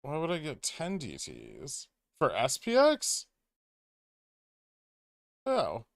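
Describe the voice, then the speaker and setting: A man's voice: a little high, huge pitch swings, slow, creaky, no room sound. Dry, offhand man on a livestream. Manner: offhand and wry, thinks aloud with restarts. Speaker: stock trading livestream host. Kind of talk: casual livestream chat answering viewer questions.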